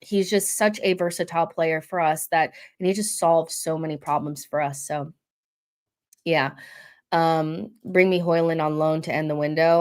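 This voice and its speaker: Low-voiced woman chatting on a football stream. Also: fairly even intonation, normal speed. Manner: chatty, reads viewer comments and teases back. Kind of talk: casual live-stream chat.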